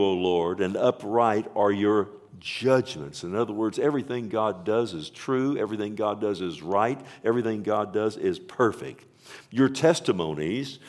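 A man preaching a sermon to a congregation. He stresses scripture and calls out "Amen?" to the listeners. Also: lowish voice. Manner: preaching with rising emphasis, slowing to stress scripture. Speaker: pastor.

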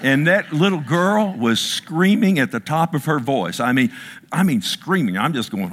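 A man's voice: mid-range voice, animated, normal speed. A middle-aged man, a pastor, preaching a sermon and asking his congregation for responses.

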